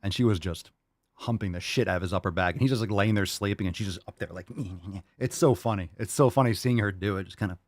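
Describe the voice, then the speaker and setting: A man's voice: on the low side, fast talker, dry recording, clean studio sound. Laid-back, swearing man on a podcast. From Florida. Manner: loose and chatty, laughs often, swears casually. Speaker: podcast host. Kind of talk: casual podcast chat.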